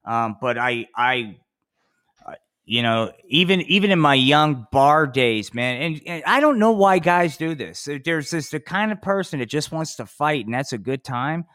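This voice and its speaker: A laid-back man co-hosting a casual podcast, with a somewhat high voice. He drawls along, filling his talk with "man" and "you know." The recording is dry and close. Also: animated, normal speed, fairly bright tone, no room sound. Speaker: podcast co-host. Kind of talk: casual chat.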